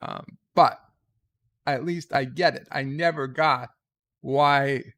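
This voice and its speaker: A man's voice: mid-range voice, fairly even intonation, takes it slowly, fairly bright tone. A man hosting a livestream, reading viewer comments aloud and rambling through wry asides. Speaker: livestream host.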